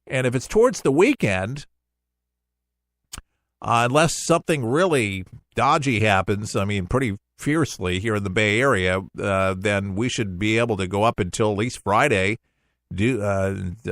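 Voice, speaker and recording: Folksy middle-aged male talk host, mid-pitched, dry close sound, rambles and restarts. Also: a bit bright, no echo. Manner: folksy, rambling, self-interrupting. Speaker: radio talk show host. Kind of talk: casual talk radio monologue.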